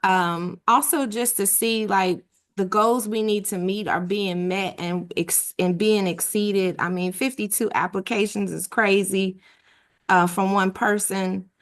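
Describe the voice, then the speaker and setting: A woman who is a new sales agent, sharing earnestly on a team video call and pausing often with ums. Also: mid-range voice, steady tone. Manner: earnest, a little halting, many ums.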